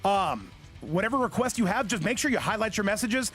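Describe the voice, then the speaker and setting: A man hosting a live esports tournament stream, commentating excitedly and often shouting, talking quickly until he runs out of breath. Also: high voice. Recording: loud game music behind.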